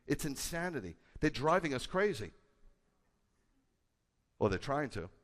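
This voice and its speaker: Man, rabbi preaching, emphatic, lively swinging pitch, long hall reverb. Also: measured pace. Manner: preachy and emphatic, shifting from loud bursts to low confiding asides. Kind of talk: sermon. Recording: echoey hall with a long tail.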